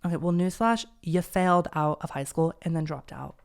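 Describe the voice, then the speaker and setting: Young male podcast host, smooth clear voice, rambling and self-deprecating. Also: a little high, normal speed. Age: young adult. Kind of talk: casual solo podcast chat.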